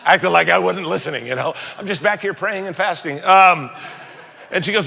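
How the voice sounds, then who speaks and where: A middle-aged man preaches in a high, gravelly, very bright voice. He tells stories with animation and jumps into raised voices for the people in them. His voice carries a long reverb from a big hall. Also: quick pace. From United States. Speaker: pastor. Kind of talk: storytelling sermon.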